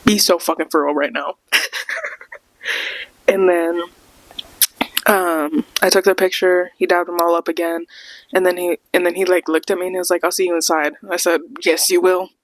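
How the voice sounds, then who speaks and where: A young woman hosts a podcast and tells a casual, laugh-filled story, acting out the quotes in an animated way. Her voice is lowish, her pace moderate with frequent pauses, and there's no echo.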